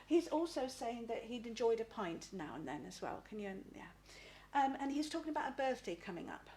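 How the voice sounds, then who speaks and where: A middle-aged woman giving a live spirit reading as a psychic medium. She talks haltingly, repeats words and often asks "please?". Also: a little high, sing-song, darkish tone, a little hiss or hum.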